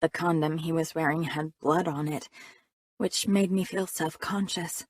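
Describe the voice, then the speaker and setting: A woman's voice: sits low, steady tone, a little slow, breathy edge. A woman narrating a first-person audiobook in a reflective, conversational reading.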